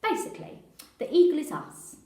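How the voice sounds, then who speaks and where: A woman's voice: sits high, wildly swooping pitch, brisk, darkish tone, roomy sound, voice pushed up. A woman voicing an earnest male police constable who talks in stiff radio code. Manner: formal radio-code talk.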